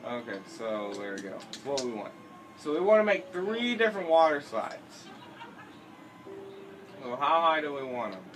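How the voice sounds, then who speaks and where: With a sing-song, mid-range voice and fairly bright tone, a teenage boy comments on a building game at normal speed, leaving long pauses. His let's-play chatter rambles, jokes, and corrects itself often. Faint music plays behind him in this noisy home recording.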